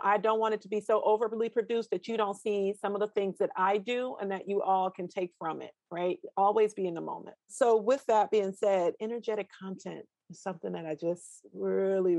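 A woman's voice: mid-range voice, gravelly, a little mellow, no room sound. A woman hosting an interview over a video call, chatty and upbeat, coaching on video content.

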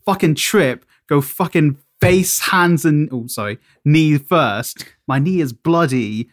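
A man's voice: a little high, slow, dry recording, studio quality. A man co-hosting a podcast, telling a rambling, sweary story in casual chat. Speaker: podcast co-host.

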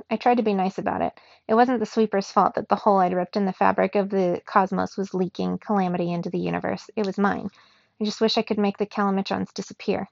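A woman reading a children's novel aloud in the first person, expressive, giving the characters their own voices. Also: medium pitch, vocal fry, dry recording. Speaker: reader. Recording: dull lo-fi recording in a dry room.

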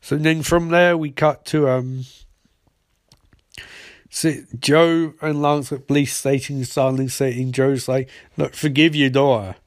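A man's voice: medium pitch, flat delivery, unhurried, no echo, studio quality. A man giving a casual, rambling, profane recap and review of a TV episode, sarcastic in tone.

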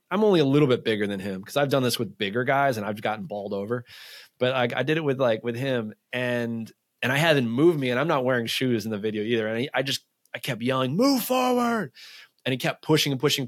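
He's a men's coach on a relaxed podcast, speaking quickly at a medium pitch while acting out quotes and saying "like" constantly in his animated stories. The sound is clean studio audio with no room sound.

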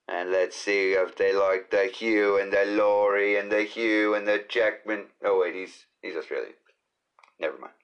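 A man hosting his own solo podcast, talking off the cuff in a rambling, jokey way with quick asides. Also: fairly low pitch, steady tone, clear, resonant tone. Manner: rambling, jokey, jumps between silly voices and asides. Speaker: podcast host.

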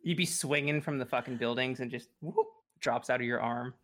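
A man's voice: mid-range voice, fairly quick, a bit bright. A man co-hosting a casual podcast, blunt and questioning, swearing now and then. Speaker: podcast co-host.

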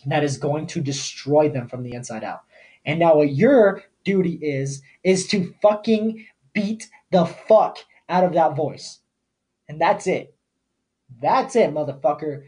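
A man's voice: high-pitched, mellow. A young man hosting a podcast, delivering a blunt, profane and fired-up motivational rant. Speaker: podcast host.

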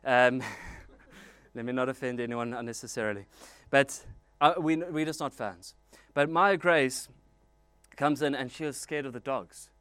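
A man preaching a sermon as pastor, animated and storytelling with jokes and asides. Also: mid-range voice, a little slow, clear, resonant tone, no echo.

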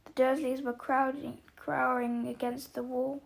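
A woman narrating a story aloud in a measured, expressive way. Her voice sits high and carries a noticeable vocal fry, and she takes her time over each phrase. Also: low-quality recording.

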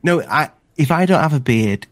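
A man's voice: on the high side, animated, normal speed, no echo. A man co-hosting a casual livestream chat, rambling and restarting his sentences often. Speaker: livestream co-host.

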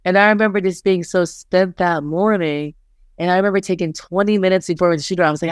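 A woman's voice: fairly low pitch, fast, smooth, no echo, studio quality. A middle-aged woman, a basketball head coach, talking candidly in an interview, telling stories animatedly with lots of "like" and acted-out quotes. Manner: animated storytelling, frequent "like" fillers, acts out quotes.

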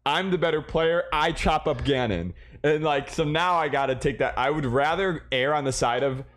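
A man's voice: fairly high pitch, moderate pace, fairly bright tone. A man in casual gaming chat, rambling and self-mocking, swearing often as he tells stories about matches.

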